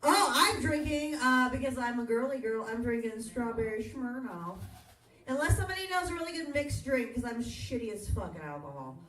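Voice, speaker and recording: A woman's voice: a little high, big pitch swings, moderate pace, fairly bright tone. A woman hosting a live comedy show in a tavern, swearing freely while she hypes up the crowd. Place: small tavern, live audience. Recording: echoey bar from far off, crowd noise.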